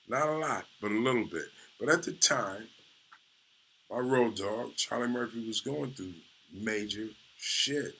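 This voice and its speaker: A man's voice: lowish voice, creaky, bright, forceful tone, slightly rough. A man, a comedian, telling a profane, laid-back story full of "you know"s. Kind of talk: casual storytelling.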